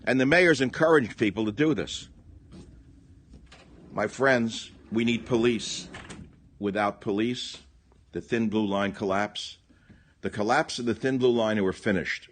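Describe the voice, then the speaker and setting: An older man with a low voice rants through a political monologue. He swings from loud indignant outbursts down to low, muttered asides. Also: a little slow, pauses often. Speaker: radio talk host. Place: small cottage by the bay.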